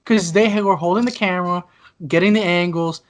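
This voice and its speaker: High-voiced joking male guest. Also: steady tone, fairly quick. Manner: crude, joking, laughs a lot. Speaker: podcast guest. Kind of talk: casual chat. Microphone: video call.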